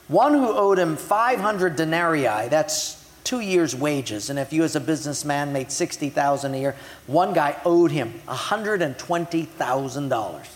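A pastor preaching a sermon, retelling scripture in everyday words and slowing down to stress key points. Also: male voice, on the high side, lively intonation, long reverb tail. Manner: retells scripture in a casual way, slows down for emphasis.

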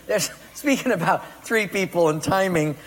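A man's voice: sits high, moderate pace, noisy background. A male pastor giving a conversational sermon and putting questions to the congregation. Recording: long reverb in a large hall.

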